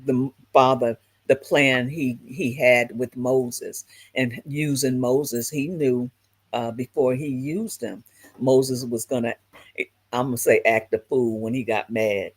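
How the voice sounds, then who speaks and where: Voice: mid-range voice, steady tone, slow pace, breathy edge. A co-host in a casual Bible discussion who tells stories with humor and acts out the quotes. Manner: laughing, storytelling with acted-out quotes.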